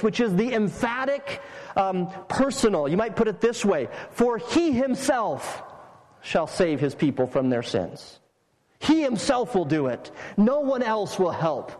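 A man's voice: sits high, darkish tone. A pastor giving a sermon, explaining his point step by step with emphatic stresses. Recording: long reverb of a large hall.

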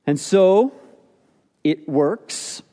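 A man's voice: sits high, expressive, drawn-out words, warm tone. A man preaching a sermon, explaining a scripture passage with rhetorical questions and acted-out quotes. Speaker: pastor. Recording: long hall reverb.

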